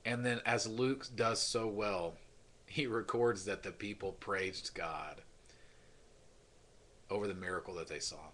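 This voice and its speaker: A man's voice: lowish voice, steady tone, a little slow, pauses often, a bit bright. A man, a pastor, retelling a story in an earnest, dramatic sermon and acting out the voices.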